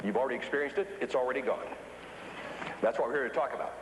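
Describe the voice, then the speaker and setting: A man from the Ozarks, giving an animated, folksy keynote speech to an audience in a large hall. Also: mid-range voice, quick pace, background noise. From Ozarks, USA. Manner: folksy, animated storytelling with repetition for emphasis. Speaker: motivational speaker. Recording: echoey hall with long reverb.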